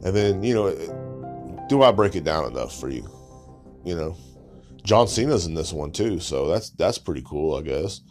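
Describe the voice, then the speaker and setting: A man's voice: low voice, lively intonation, normal speed, pauses often, a little mellow, faint music behind. A young man hosting a podcast, ranting in a crude, sarcastic, mocking way and swearing constantly. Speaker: podcast host. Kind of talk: profane comedic rant.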